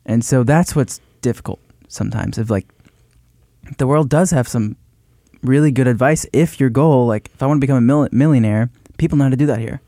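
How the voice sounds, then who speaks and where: A man's voice: mid-range voice, fairly quick, dark tone, dry recording, clean studio sound. A man co-hosting a faith podcast who talks reflectively and hesitantly, with many likes and ums. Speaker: podcast co-host. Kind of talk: conversational faith discussion.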